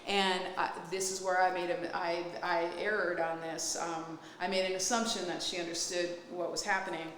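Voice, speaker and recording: A woman fitness instructor telling a client story to a student, expressive and quick to act out voices. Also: lowish voice, slight background noise. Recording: echoey, reverberant room.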